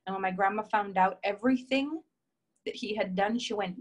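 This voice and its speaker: A woman's voice: mid-range voice, normal speed, rough recording. A woman coach tells a story and reads viewer comments in a live session, speaking with emphatic, heartfelt repetition. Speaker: relationship coach.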